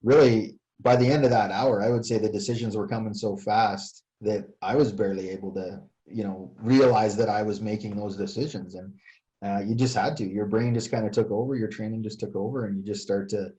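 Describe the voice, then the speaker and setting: A man's voice: lowish voice, fairly even intonation, a little fast, mellow. An older man, a retired fire chief recounting events in a casual interview, hesitant with many fillers and restarts. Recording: dull lo-fi sound.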